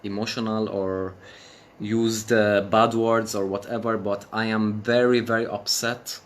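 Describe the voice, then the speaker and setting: A man's voice: on the low side, little pitch movement, measured pace. A man from Syria on a live stream, speaking with passion, swearing and repeating phrases for emphasis. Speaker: livestream host. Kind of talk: emotional live stream rant.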